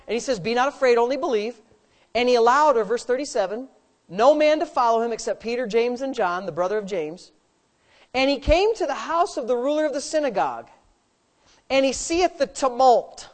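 A woman's voice: a little high, expressive, fairly quick. A woman preaching a sermon, asking rhetorical questions and adding playful asides.

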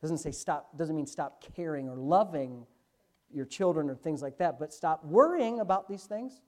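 A man preaching a sermon as pastor, emphatic, slipping from quick asides into loud, drawn-out stresses. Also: fairly high pitch, animated.

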